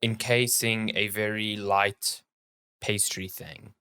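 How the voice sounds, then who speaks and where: This South African man has a lowish voice and co-hosts a relaxed gaming podcast over a remote call. He talks in a loose, joking way, trailing off mid-sentence and filling gaps with "uh" and "like". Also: slow, smooth. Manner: loose, joking storyteller who trails off with fillers. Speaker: podcast co-host. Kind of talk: casual podcast chat. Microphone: remote call mic.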